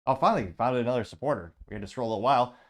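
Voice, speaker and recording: A man's voice: mid-range voice, racing. A man hosting a political commentary show, reading social media replies aloud with sarcastic, wry asides. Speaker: podcast host.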